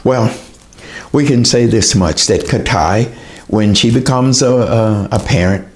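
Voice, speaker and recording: A man lectures earnestly about raising children. He hesitates often, and his pitch swings widely as he stresses his points. He speaks with plain emotion. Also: very animated, unhurried.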